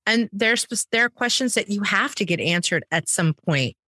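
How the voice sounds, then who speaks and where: An American woman co-hosting a sales podcast, talking quickly and emphatically, pushing her voice up on key points. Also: mid-range voice, expressive, bright, forceful tone, dry recording, studio quality. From United States. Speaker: podcast co-host, sales trainer. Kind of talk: casual chat.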